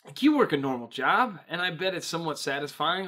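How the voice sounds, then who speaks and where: A man talks in a documentary interview as a stand-up comic. His tone is bright and forceful, and he swears freely as he rambles through stories. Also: on the high side, very animated, a little fast, few pauses. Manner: profane, rambling storyteller. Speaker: stand-up comedian.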